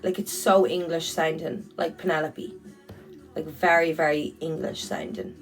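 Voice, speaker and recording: A woman's voice: sits low, steady tone, a little slow, distant mic, faint music behind, low-quality recording. A woman with an Irish accent chatting casually on a phone livestream, blunt and swearing freely. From Ireland. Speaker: livestream host. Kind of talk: casual livestream chat reading comments.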